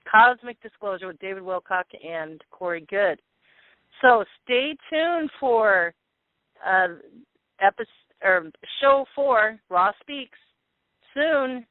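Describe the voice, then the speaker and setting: A man's voice: sits high, dry recording. A man hosting a call-in show, chatty as he plugs upcoming episodes. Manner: chatty, plugging upcoming shows. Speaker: host. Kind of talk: casual call-in show talk. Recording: dry tinny phone line.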